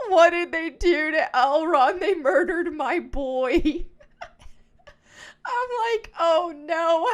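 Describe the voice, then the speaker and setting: A woman YouTuber giving casual, animated video commentary and laughing often. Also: sits high.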